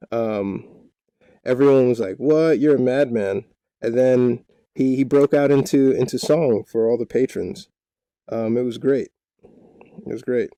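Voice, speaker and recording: A man's voice: medium pitch, warm tone, dry recording. A man acting as dungeon master, retelling the group's adventures in a rambling, joking way. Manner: rambling, joking, full of fillers. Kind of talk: casual storytelling recap.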